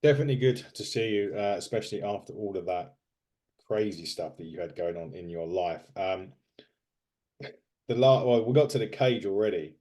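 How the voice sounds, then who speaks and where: A warm, lowish male voice, animated and moderately paced, belongs to a podcast co-host. He recaps wrestling casually, wandering through his points with frequent fillers and restarts.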